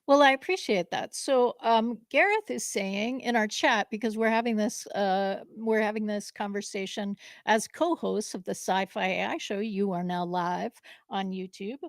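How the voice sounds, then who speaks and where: A woman's voice: medium pitch, creaky, dry recording. A woman from New England chats live as a co-host, stopping and restarting often, with ums and easy laughter. Her voice sits mid-range and sounds dry and close. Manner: halting, many fillers, frequent laughs. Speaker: podcast co-host. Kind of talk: live casual conversation.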